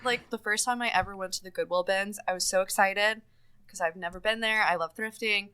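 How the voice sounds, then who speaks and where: A woman's voice: medium pitch, steady tone, brisk, bright, forceful tone, smooth. A woman guest on a podcast, a tattoo artist, chatting casually and laughing easily.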